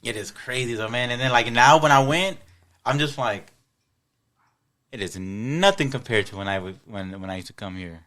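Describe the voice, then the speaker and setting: A man's voice: medium pitch, moderate pace, pushed and bright. A man telling long personal stories in casual podcast chat, often restarting and repeating words. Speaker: podcast co-host.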